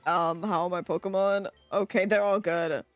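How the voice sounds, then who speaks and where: A woman streamer giving animated, teasing commentary while playing a game, laughing often. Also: fairly low pitch, normal speed, no room sound, faint music behind.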